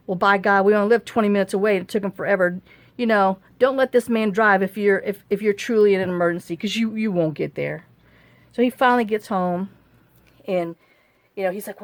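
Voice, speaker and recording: A woman's voice: mid-range voice, brisk. A woman vlogger chatting and telling a long story while she crafts, frank and rambling, recorded on a phone camera. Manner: rambling, frank, repeats herself.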